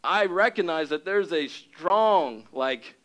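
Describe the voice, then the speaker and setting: A man preaching to a congregation with a fairly high-pitched voice. He is animated, acting out little scenes with excited raised tones before falling quieter for earnest points. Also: takes it slowly, rough recording. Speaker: pastor. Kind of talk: sermon.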